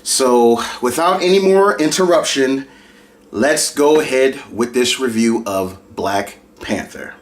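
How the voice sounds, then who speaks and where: Lively man reviewing movies. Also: medium pitch, takes it slowly, faint music behind. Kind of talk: casual video review.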